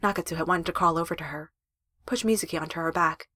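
A woman reading a story aloud in an expressive narration style with emphatic rises. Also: on the low side, fast, no room sound, studio quality.

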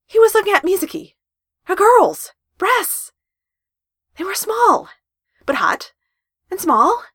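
A woman narrates a story slowly in a lively, animated voice that swings up and down in pitch, expressive with emphatic rises. The recording is close and dry, with no room sound or echo.

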